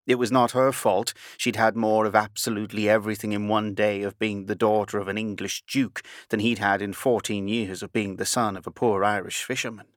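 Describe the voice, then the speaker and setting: Male audiobook narrator, measured storytelling delivery, in a low register, dry recording. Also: little pitch movement, no room sound. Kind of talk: scripted narration.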